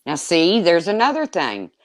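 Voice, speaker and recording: Woman, casual storyteller, salty and animated, dry close sound. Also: moderate pace, no echo. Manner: lively, swearing, jumps between high exclaims and low asides. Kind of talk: casual chat.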